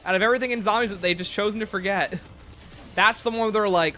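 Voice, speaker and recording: Joking, bright-voiced male game streamer. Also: sits high, fast. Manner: casual, joking, self-mocking banter. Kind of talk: live gameplay commentary, reading chat. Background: faint game music playlist.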